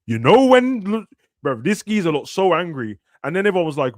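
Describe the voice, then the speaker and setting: Animated young man, dry sound. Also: mid-range voice, fast, dry recording. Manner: animated, slangy, acts out players' words. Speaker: football podcast host. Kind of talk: casual chat.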